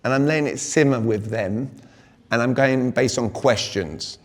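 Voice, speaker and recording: A man with a British accent coaching a live audience on sales communication and firing rhetorical questions at the room. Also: mid-range voice. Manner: energetic, fires rhetorical questions at the crowd. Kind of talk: live seminar talk. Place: large hall with an audience. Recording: long hall reverb.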